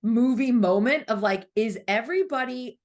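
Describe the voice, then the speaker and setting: A spiritual coach in her thirties, guesting on a podcast, tells her story at a moderate pace in a slightly high voice. It's an emotional storytelling interview, and she's candid, swears freely, and acts out her past self.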